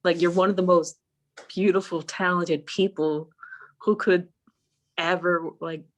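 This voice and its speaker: A woman's voice: fairly low pitch, unhurried. A young woman on an online voice call, telling a story in casual chat, swearing often and acting out what she said at the time. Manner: animated, swears often, acts out her own past lines. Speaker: guest.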